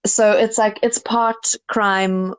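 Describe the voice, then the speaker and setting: A woman's voice: mid-range voice, steady tone, takes it slowly, clear, resonant tone. A woman co-hosting a podcast in casual chat, explaining at length in an earnest way with many fillers. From South Africa. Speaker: podcast co-host.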